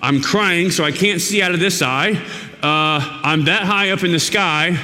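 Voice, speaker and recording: Preacher guy telling his story, kinda high and bright voice, big echoey church hall. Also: measured pace. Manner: storytelling, emphatic, shouts when reliving anger. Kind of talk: sermon with personal story.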